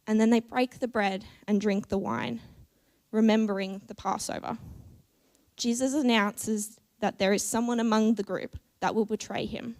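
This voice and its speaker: A woman preaching a church sermon in a measured, earnest way, with deliberate pauses. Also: a little high.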